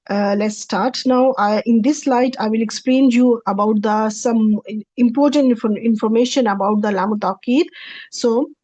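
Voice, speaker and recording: Higher-pitched woman teaching in dull lo-fi sound. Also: a little mellow, dry recording. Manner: hesitant, repeats and restarts, patient explaining. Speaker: Quranic Arabic teacher. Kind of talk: slide-based online lecture.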